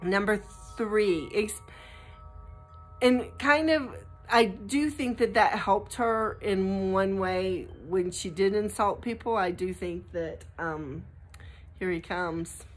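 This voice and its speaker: A woman's voice: mid-range voice, slow, soft background music. A middle-aged American woman talking casually to camera in a vlog, rambling with restarts and stopping for asides to her dog. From United States. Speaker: vlogger.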